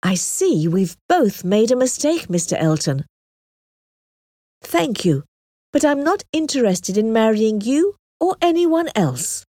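A woman voicing a proud, quick-witted young gentlewoman in an audiobook story, speaking firmly and indignantly. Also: fairly high pitch, big pitch swings, no echo, studio quality.

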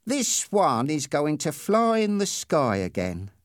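Man doing a high-voiced teen bully, bossy and menacing, slow, dry sound. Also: huge pitch swings, no room sound, full character voice. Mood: mocking. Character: cruel teenage boy bully with a gun.

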